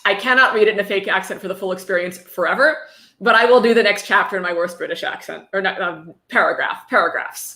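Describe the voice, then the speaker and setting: A woman's voice: medium pitch, a little fast, bright, forceful tone. Sarcastic woman reading a book aloud. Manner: sarcastic, mocking asides. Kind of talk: sarcastic dramatic reading with commentary. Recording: roomy echo.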